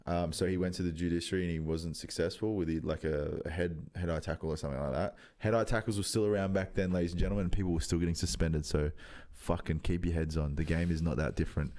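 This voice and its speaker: A young Australian man in his twenties, telling a story in loose, casual podcast chat, swearing freely and pausing on many ums. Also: low voice, steady tone, a little mellow. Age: 20s. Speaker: podcast guest, rugby league player.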